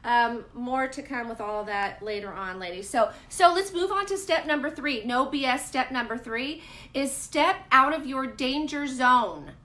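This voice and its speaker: A woman hosts a casual live coaching chat for women in business. She talks to her viewers directly and with emphasis. Her voice is high and bright. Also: animated, normal speed. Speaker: host.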